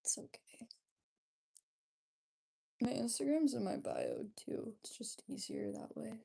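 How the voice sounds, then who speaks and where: A young woman hosting a live stream, her voice gravelly with vocal fry and a mellow, dark tone. She talks at an easy, drifting pace, wandering between chat comments and casual asides. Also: a little high, huge pitch swings. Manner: unhurried, drifting, chatty asides. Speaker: livestreamer.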